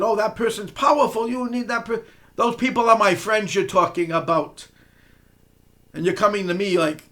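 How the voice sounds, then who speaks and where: A man's voice: sits high, a bit bright. A man delivering a confrontational monologue, scolding and mocking someone he speaks to directly. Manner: sarcastic, mocking. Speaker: online commentator.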